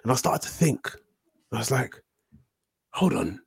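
A man's voice: medium pitch, fairly quick, slightly rough, no echo. A young man, telling a long casual story as a podcast guest, full of slang, swearing and restarts. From United Kingdom. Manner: rambling, profane, slangy, with many self-corrections.

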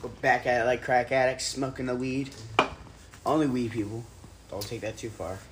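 A man's voice: mid-range voice, fairly even intonation, normal speed, slight background noise. Laid-back joking co-host man. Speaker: podcast co-host. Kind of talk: casual podcast chat.

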